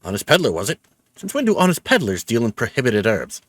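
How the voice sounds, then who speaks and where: A man's voice: mid-range voice, wildly swooping pitch, fast, no room sound. A man voicing a stern, menacing male guard commander who barks orders and threats in a game. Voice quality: barking, threatening.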